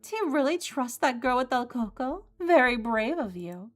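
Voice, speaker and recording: A woman's voice: high voice, big pitch swings, moderate pace, faint music behind, voice pushed up. A woman voicing a cold, disdainful authority figure in a visual novel game, speaking in a cutting, scornful way.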